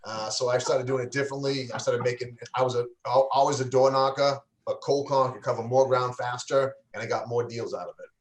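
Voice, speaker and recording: A man's voice: medium pitch, steady tone, fairly quick, hardly any pauses. A man, a real estate coach, talking casually on a livestream interview over a video call, loose and full of fillers and restarts. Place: indoors, home in a cold city. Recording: echoey room.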